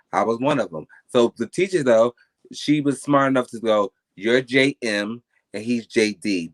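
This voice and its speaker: A man with a New Jersey accent, a podcast guest telling stories in casual chat, emphatic and animated, swearing freely. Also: medium pitch.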